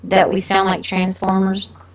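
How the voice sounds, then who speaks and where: A woman co-hosts a casual gaming podcast at an ordinary middle pitch. She relays comments from the live chat and laughs easily. Her talk is informal and friendly. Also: monotone, unhurried, crowd noise. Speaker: podcast co-host.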